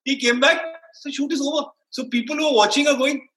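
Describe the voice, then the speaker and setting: A man with an Indian English accent, a sports anchor telling lively anecdotes as a guest, acting out quotes and laughing often. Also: extremely high pitch, fast talker, hardly any pauses, reverberant, poor audio. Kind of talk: casual storytelling interview.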